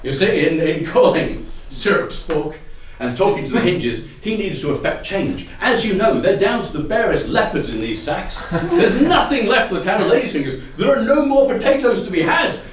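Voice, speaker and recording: Animated English improv storyteller, echoey hall. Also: male voice, high voice, normal speed, distant mic, a little hiss or hum. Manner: animated, laughing often, repeating audience suggestions. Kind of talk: improvised comic narration. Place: theatre stage with live audience. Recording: echoey hall recorded from afar.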